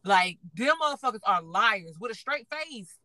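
A woman's voice: medium pitch, normal speed, no room sound. A young adult woman co-hosting a casual chat, telling blunt, profane stories and acting out the people in them. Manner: blunt, profane storytelling with animated quoted voices. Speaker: podcast co-host.

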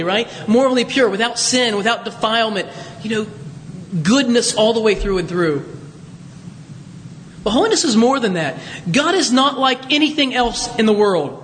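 A man's voice: very high-pitched, fairly bright tone. A man preaching a sermon in a church sanctuary, talking conversationally with a self-deprecating touch and plenty of restarts. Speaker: pastor. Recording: long church reverb, faint noise.

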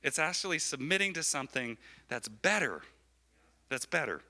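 A man preaching a sermon as a pastor in church, animated and repetitive, often checking in with his listeners. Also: on the high side, moderate pace. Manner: animated, repeats phrases, keeps asking the crowd "right?".

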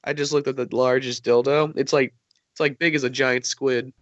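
A man's voice: medium pitch, fairly even intonation, normal speed, a bit bright, dry recording, highs cut off. A man co-hosting a podcast, rambling through a silly hypothetical with lots of fillers. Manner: rambling, filler-heavy speculation. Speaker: podcast co-host. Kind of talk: casual chat.

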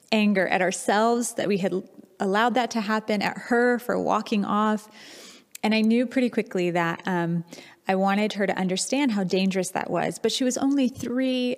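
Woman, pastor, sermon, candid reflective storytelling, mid pitch, long echoing hall reverb.

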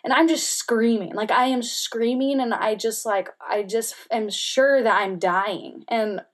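A woman's voice: on the high side, a little slow. Candid woman telling a personal story. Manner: candid, heavy use of "like" fillers; emotional, drops to soft near-whispers. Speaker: guest.

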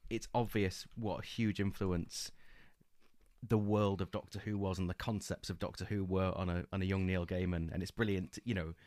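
A low-pitched man co-hosting a podcast, talking eagerly and rambling, full of ums and false starts. His voice is close and dry. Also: steady tone, moderate pace, a little mellow, no echo. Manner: enthusiastic, rambling with many fillers and restarts. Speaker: podcast co-host. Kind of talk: casual book-club chat.

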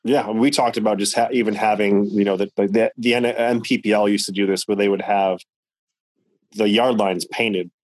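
A man with a lowish voice talks casually, rambling and circling back over his words. The sound is dry and close. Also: fairly even intonation, moderate pace, dry recording, low-quality recording. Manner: rambling, repeats words while thinking. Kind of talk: casual chat.

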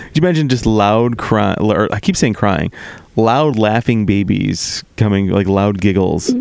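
A man's voice: fairly low pitch, unhurried, gravelly, darkish tone, no echo. A man co-hosting a casual chat show, laughing often as he talks. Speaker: podcast co-host.

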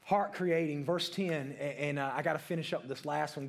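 A young adult man preaches a sermon in a fairly high, brisk voice. He tells a personal story with animation and calls out people in the congregation by name.

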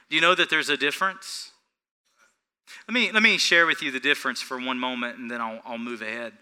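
Male pastor, sermon delivery, bright tense voice, questions to the congregation. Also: mid-range voice, clear, resonant tone. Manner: preaching without notes, asks the congregation questions.

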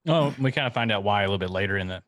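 A man's voice: fairly low pitch, very fast, a bit bright. A man co-hosting a casual podcast, playful and jokey, laughing a lot. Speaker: podcast co-host. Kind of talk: casual chat.

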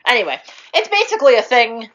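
A woman's voice: on the high side, huge pitch swings, quick pace, fairly bright tone, slight background noise. A young woman casually recapping a show with a friend, rambling, swearing freely and laughing often. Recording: muffled lo-fi recording.

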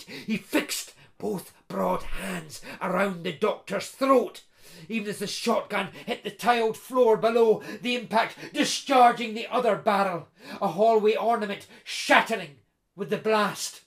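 A male audiobook narrator with a fairly high voice and a gravelly, creaky texture. He tells the story vividly and dramatically, building tension through each action scene. The delivery stays steady and engaged.

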